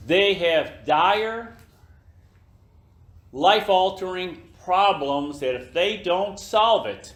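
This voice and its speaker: An older man giving a slow, emphatic motivational talk to his team in an office meeting room, now and then acting out little scenes in other voices. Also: a little high, fairly bright tone. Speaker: business leader speaking to his team. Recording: echoey room.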